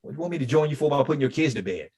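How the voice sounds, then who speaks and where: A middle-aged man speaks as an interview guest, retelling a personal story with feeling. He talks in a lively way and acts out the lines he quotes. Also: medium pitch, rapid-fire. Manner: emotional, animated retelling with quoted dialogue. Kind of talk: conversational storytelling.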